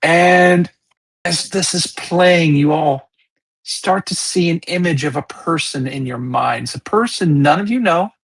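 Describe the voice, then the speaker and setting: A game master narrating a tabletop game, setting scenes slowly and checking in with the players. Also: medium pitch, breathy edge. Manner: slow, measured scene-setting with check-in questions.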